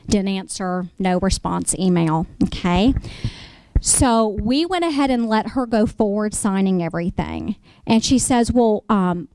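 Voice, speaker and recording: A woman's voice: fairly high pitch, darkish tone, no echo. A middle-aged woman, a real estate attorney, lectures an audience through cautionary stories and keeps checking in with "okay?".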